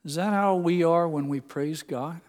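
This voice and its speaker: An older man preaches to his congregation, his voice sitting high for a man. He asks them questions directly and earnestly. His words ring with a long reverb through the church hall. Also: moderate pace, a little mellow. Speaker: pastor. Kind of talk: sermon. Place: church sanctuary.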